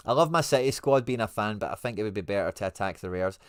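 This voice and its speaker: Scottish guy chatting on a livestream, lowish voice, dry close sound, reads comments and banters with the viewers. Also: very animated, moderate pace, clean tone, dry recording. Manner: informal slang, friendly teasing. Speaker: livestream host. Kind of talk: casual livestream chat.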